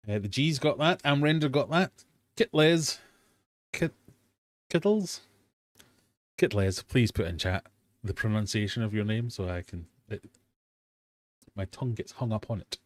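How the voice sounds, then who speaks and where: A man's voice: lowish voice, expressive, moderate pace, no room sound. A British man hosting a live-stream quiz from his fish room, reading out questions and chatting with self-mocking dad jokes.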